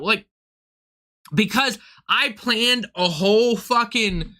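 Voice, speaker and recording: A young man on a home streaming setup tells a story in an extremely high voice at a measured pace. His retelling is animated, casual, profane and incredulous, and he acts out both sides of the exchange.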